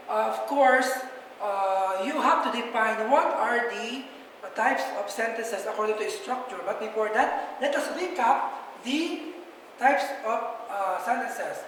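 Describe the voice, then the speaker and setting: A woman's voice: on the high side, animated, slow pace, fairly bright tone, slight background noise. Woman, young adult, student teacher, encouraging, repeats points, distant mic, long room echo. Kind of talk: classroom teaching demonstration. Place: classroom, echoey. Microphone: far camera. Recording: echoey classroom from far off.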